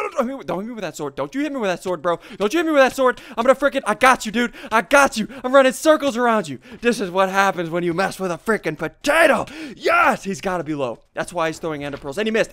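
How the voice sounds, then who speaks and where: Hyper, high-pitched young man gaming. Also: very animated, brisk. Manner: hyper, shouty, giggly, swings between mutters and yells. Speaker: gaming YouTuber. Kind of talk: excited Minecraft commentary.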